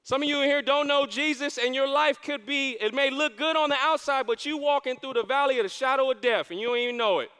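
A man preaching a sermon as a campus pastor, animated and repeating his key lines for emphasis. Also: very high voice, quick pace, few pauses. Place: church stage. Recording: long hall reverb in a church.

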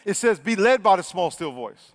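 A man's voice: sits high, moderate pace, vocal fry. Preaching man in a reverberant hall. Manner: energetic, swings from loud to hushed. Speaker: pastor. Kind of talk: sermon.

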